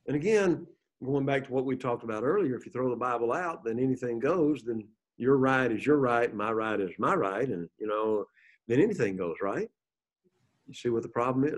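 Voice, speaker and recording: A man teaching a Bible lesson to a class, reading scripture aloud and asking the group questions. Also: medium pitch. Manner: asks the class questions, reads scripture aloud with rising emphasis.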